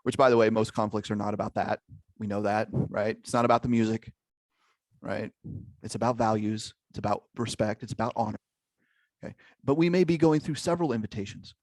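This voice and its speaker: A man's voice: on the low side, brisk, darkish tone, no room sound. A man leading an interactive online workshop over a video call, engaging his audience and checking in with frequent questions. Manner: engaging, peppers talk with "okay?" and "right?". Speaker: workshop leader.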